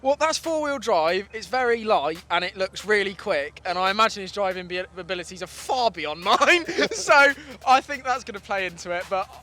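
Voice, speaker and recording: A man talking casually as a guest car owner, relaxed and thinking aloud. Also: high-pitched, moderate pace, few pauses. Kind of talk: casual chat.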